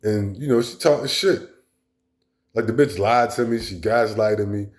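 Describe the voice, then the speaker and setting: A man's voice: on the low side, measured pace. A man delivering a blunt, profane, rambling monologue as a vlog host. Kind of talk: casual monologue rant.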